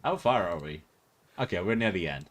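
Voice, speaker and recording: A man's voice: deep voice, animated, brisk, a bit bright. A male streamer chatting casually and reacting with frequent laughter while watching a video.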